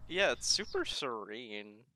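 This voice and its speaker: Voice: mid-range voice, big pitch swings, takes it slowly, bright, forceful tone. A podcast co-host chatting casually, gushing about a cartoon with lots of filler words. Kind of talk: casual chat.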